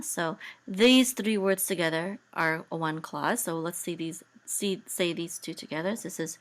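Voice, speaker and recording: A woman teaching biblical Hebrew, explaining patiently with many fillers and soft, quiet asides. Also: fairly low pitch, expressive, measured pace.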